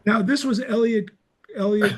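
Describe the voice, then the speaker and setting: An older man with a noticeably high voice hosts a casual podcast chat. He tells stories with energy and acts out both sides of the dialogue. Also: normal speed. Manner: animated anecdotes, acts out dialogue. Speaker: podcast host.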